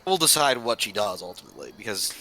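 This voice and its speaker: A man playing a tabletop role-playing game, talking in an animated way about how the game should go. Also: lowish voice, fast talker, a little hiss or hum. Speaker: player.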